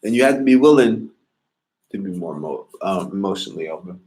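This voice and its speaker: A man in a casual monologue, talking in a slangy, profane, animated way. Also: low-pitched, a little fast.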